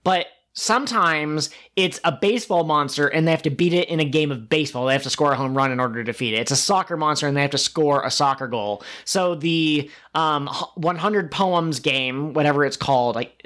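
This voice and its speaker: A man's voice: fairly high pitch, fairly quick, hardly any pauses, fairly bright tone. A man co-hosting a podcast, enthusiastically recapping an episode and acting out quoted lines. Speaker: podcast co-host. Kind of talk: casual chat.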